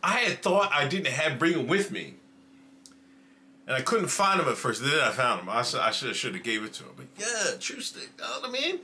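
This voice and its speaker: Host type, male, bright voice, animated casual storyteller who eats on air. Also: a little high, normal speed, a little hiss or hum. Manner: snacking and chewing while talking. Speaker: show host. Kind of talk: casual livestream chat.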